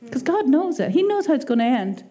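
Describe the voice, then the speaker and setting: A woman with an Irish accent preaching a sermon in a lively, conversational way, acting out little quoted exchanges. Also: sits high.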